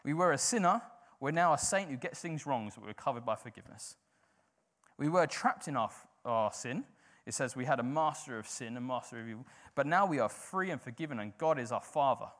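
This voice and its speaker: A man's voice: mid-range voice, expressive, brisk, a bit bright. A man preaching a sermon in an informal, conversational way, often filling with "like".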